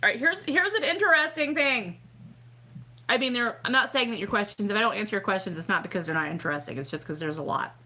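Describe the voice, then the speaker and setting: A tipsy woman hosting a tarot livestream, rambling and self-deprecating, with bursts of excitement. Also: medium pitch, fast. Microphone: home webcam livestream.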